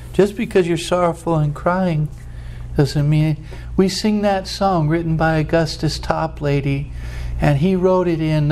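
Male preacher, high voice, slow deliberate delivery, folksy emphatic sermon style. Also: a little mellow, a little hiss or hum, rough recording. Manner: folksy, drawn-out emphatic phrasing.

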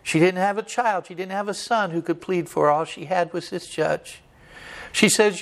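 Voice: mid-range voice, moderate pace. A preacher delivering a sermon earnestly, building repeated emphatic lists and sometimes restarting words mid-sentence. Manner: occasional stumbling restarts.

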